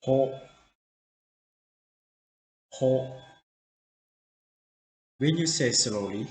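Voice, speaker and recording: A man teaching vocabulary in a slow drill, repeating each word carefully in simple, broken phrasing. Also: mid-range voice, lively intonation, faint music behind. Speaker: language teacher. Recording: roomy echo.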